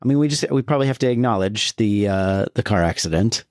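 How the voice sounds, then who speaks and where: Male co-host, laid-back, quick to laugh, casual swearing, dry close mic. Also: lowish voice, animated, a little mellow, dry recording. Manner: laughs often, loose and swearing, trails off. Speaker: podcast co-host. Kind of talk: casual movie-review chat.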